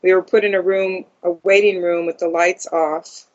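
Guest telling their story in a flat monotone, lots of uhs, muffled lo-fi sound. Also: medium pitch. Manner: halting, many ums and uhs, flat monotone delivery. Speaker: interview guest. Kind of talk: first-person account in conversation. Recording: dull lo-fi audio.

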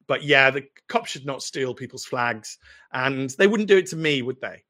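A man's voice: mid-range voice, expressive, normal speed, bright, forceful tone. Posh English man, rambling opinionated commentary. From United Kingdom. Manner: rambling, with frequent restarts and asides. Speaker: lawyer answering viewer questions. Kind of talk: casual livestream commentary.

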